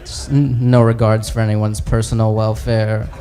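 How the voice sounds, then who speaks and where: A man's voice: lowish voice, little pitch movement, normal speed, pitched below the performer's own voice, close to an everyday voice. A man voicing a sheepish, rambling giant green hero in his human form, mumbling and hesitant, in a noisy live stand-up recording.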